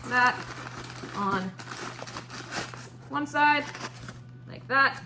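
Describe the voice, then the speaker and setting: A woman's voice: high voice, drawn-out words, background noise. A young woman keeping tarantulas, giving a casual, chatty how-to tutorial with emphatic points and cooing asides. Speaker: tarantula keeper demonstrating shipping.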